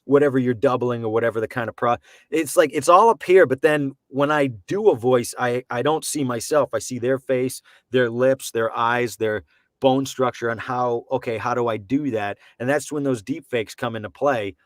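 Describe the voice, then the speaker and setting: A man who works as a professional voice actor, answering interview questions in casual, animated, rambling explanations with frequent restarts. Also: medium pitch, moderate pace, dry recording, studio quality.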